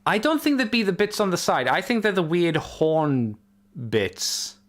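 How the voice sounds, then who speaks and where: A man's voice: sits high, big pitch swings, unhurried. A man co-hosting a casual podcast, joking around and trailing off into uncertain asides. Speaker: podcast co-host.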